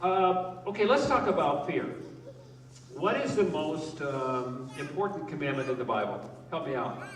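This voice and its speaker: A man's voice: fairly high pitch, lively intonation, moderate pace, a bit bright. A male pastor giving a conversational sermon, asking the congregation questions and joking with them. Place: church hall with a live congregation. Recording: echoey hall, voice from a distance.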